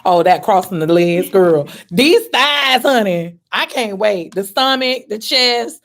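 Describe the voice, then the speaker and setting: A woman's voice: medium pitch, animated. Woman, 40s, vlogger. Casual and candid, talks to herself with "girl" and "baby.". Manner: chatty and candid, laughs easily, pauses with ums; gives herself a pep talk with "girl" and "baby". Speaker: vlogger answering questions. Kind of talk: casual chat.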